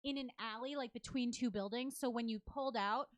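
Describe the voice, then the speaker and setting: A woman hosting a casual comedy chat, telling stories with animated acted-out quotes. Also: a little high, a little fast, no room sound. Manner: animated storyteller, acts out quotes. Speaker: comedy show host.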